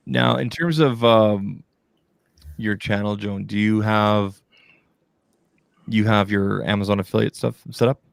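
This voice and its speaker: Guest man on a live stream, gravelly low voice, encouraging and rambling, dry mic. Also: fairly even intonation, measured pace, long pauses, dry recording. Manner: encouraging, advice-giving, rambling. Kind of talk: casual group chat on a live stream.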